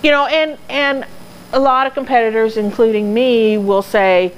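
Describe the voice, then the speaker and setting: A woman's voice: medium pitch, normal speed, a little hiss or hum, rough recording. A woman answering audience questions in casual talk, earnest and explanatory, now and then laughing at herself. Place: dog training club hall.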